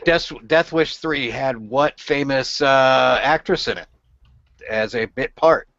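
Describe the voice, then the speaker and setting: A man's voice: medium pitch, takes it slowly, a bit bright, no echo. An older man hosting a casual podcast chat, easygoing and rambling with plenty of fillers. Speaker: podcast host. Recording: dull lo-fi dry sound.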